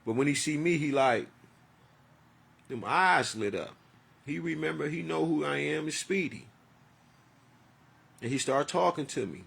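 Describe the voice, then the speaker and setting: A man's voice: fairly high pitch, lively intonation, a little slow, gravelly, long pauses, a bit bright, slightly rough. A man in his forties talking in a rambling, profane, heartfelt personal monologue. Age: 40s.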